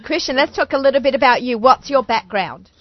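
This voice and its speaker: A woman's voice: high voice, a little fast. A woman with an Australian accent hosting a casual radio interview, chatty and laughing often. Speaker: radio show host. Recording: dull lo-fi studio sound, dry.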